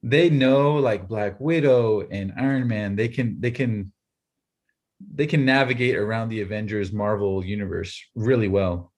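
A man in his thirties, a podcast co-host, telling a family story in a casual, animated way and laughing often. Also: fairly low pitch, a little slow. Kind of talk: casual chat.

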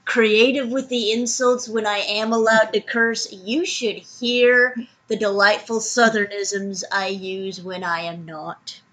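Female co-host, unhurried delivery, deadpan wit in casual chat. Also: medium pitch. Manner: dry, wry, unhurried quips. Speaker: podcast co-host.

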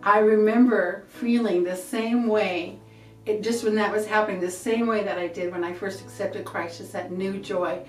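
A middle-aged woman giving an earnest, halting church testimony, often repeating herself. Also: medium pitch, steady tone. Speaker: testifying believer. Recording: echoey room from a distance, faint music.

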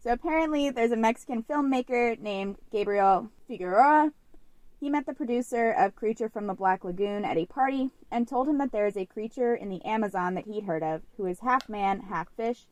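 A woman's voice: on the high side, brisk, a little mellow, no echo. Chatty young woman, dry close sound. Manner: chatty, peppered with "like" fillers. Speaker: podcast co-host. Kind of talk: casual podcast chat.

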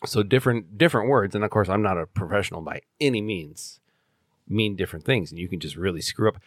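A man's voice: fairly low pitch, quick pace, no echo, studio quality. A man co-hosting a casual podcast, joking and laughing often as he explains things.

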